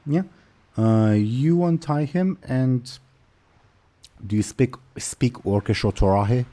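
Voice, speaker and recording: A man's voice: medium pitch, slow pace, warm tone. A man acting as game master, narrating a tabletop game and describing the characters' actions in the third person.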